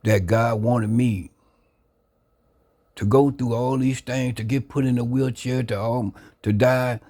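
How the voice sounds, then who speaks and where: A man earnestly sharing his life story into a phone camera, reflective and unhurried. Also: medium pitch, fairly even intonation, warm tone. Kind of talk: personal testimony, casual talk.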